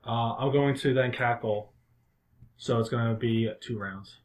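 Tabletop player, man, mid-pitched, casual rules talk. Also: fairly even intonation, unhurried. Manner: casual, explains rules with fillers. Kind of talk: tabletop game chat.

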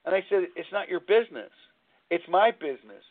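A man's voice: sits high, big pitch swings, a little fast. A man hosting a call-in recovery talk show, telling a personal story in an earnest, rambling way. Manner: rambling, earnest, repeats himself. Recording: tinny phone-line sound.

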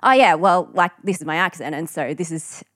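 A woman's voice: fairly low pitch, brisk, fairly bright tone, no room sound, studio quality. An Australian woman hosting a podcast, chatting playfully and trying out an American accent now and then. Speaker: podcast host. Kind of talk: casual chat.

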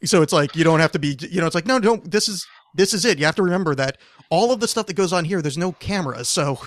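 A man in his thirties hosting a casual podcast chat, rambling and animated, trailing off mid-sentence and swearing now and then. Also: a little high, fast, dry recording. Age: 30s. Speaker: podcast host.

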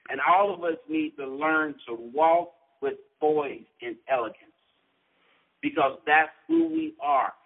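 A man, an author and guest, telling his life story in an earnest, inspirational way with a preacher-like rhythm. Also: on the high side. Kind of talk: storytelling interview, motivational. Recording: tinny phone-line sound.

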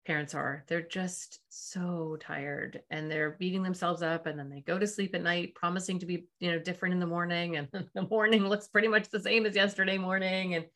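A woman with a fairly low voice hosts a podcast interview. She speaks in an affirming, reflective way, drawing on her own work as a parent coach. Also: steady tone, a little fast, few pauses, fairly bright tone.

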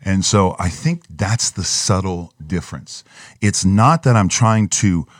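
A man's voice: low-pitched, unhurried, no room sound, studio quality. A man, a pastor, telling an earnest personal story in a podcast conversation and acting out the voices in his head.

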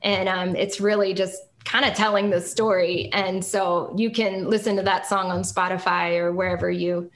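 A woman's voice: on the low side, steady tone. Earnest woman sharing a faith testimony. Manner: earnest, reflective, slow and emphatic at key phrases. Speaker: podcast guest, singer-songwriter. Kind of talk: emotional personal testimony.

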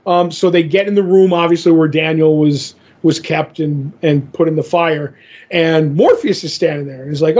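Male podcast co-host, slightly high voice, chatty rambling comic recap, muffled lo-fi audio. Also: fairly even intonation, moderate pace, darkish tone. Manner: rambling retelling, acting out quotes. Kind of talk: casual comic book recap.

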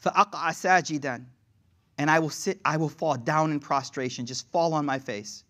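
A man's voice: fairly high pitch, fast, fairly bright tone. A man preaching a storytelling sermon, acting out quoted speech and slipping in Arabic phrases between casual asides.

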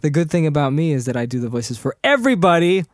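A man chatting casually on a podcast, animated and quick to laugh, often restarting his sentences. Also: on the high side, no echo. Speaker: audiobook narrator and podcast host. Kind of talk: casual chat.

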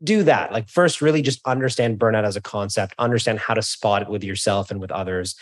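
A man's voice: fairly low pitch, a little fast. A man who gives keynote talks, a guest on a podcast, explaining his ideas energetically and now and then correcting himself. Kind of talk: interview conversation.

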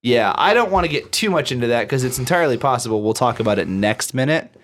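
A man's voice: mid-range voice, lively intonation, quick pace, a bit bright. A man hosting a podcast, chatting casually about a film in a rambling, self-deprecating way full of fillers, a little tipsy. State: has been drinking. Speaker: podcast host.

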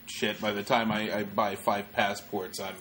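A man's voice: lowish voice, little pitch movement, moderate pace, sharp tone, a little hiss or hum. A middle-aged man, a stand-up comedian and podcast co-host, talking in loose, rambling casual chat, full of filler words.

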